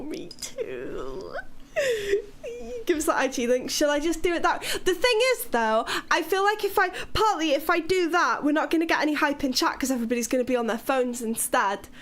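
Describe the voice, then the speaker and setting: British lady streamer from wales, highish voice, rambly and chatty, swears a bit. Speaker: livestreamer. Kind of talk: casual live-stream chat.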